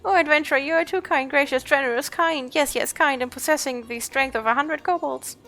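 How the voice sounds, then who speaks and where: A timid male kobold from a fantasy game frets and echoes himself in anxious lists, voiced by a woman. The voice sits high and lifted, with faint music behind. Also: brisk, a bit bright. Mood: eager. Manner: anxious, echoes his own words in lists. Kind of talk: reading game dialogue aloud.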